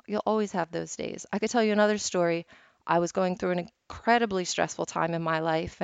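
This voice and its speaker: Chatty woman with a gravelly voice. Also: fairly low pitch, no room sound. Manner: chatty, storytelling, laughs often. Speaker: meditation podcast host. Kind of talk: casual teaching talk. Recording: dull lo-fi dry recording.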